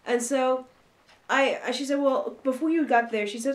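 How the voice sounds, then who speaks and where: A woman co-hosting a casual chat, teasing and telling lively anecdotes. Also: sits high, fairly quick, roomy sound. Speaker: co-host.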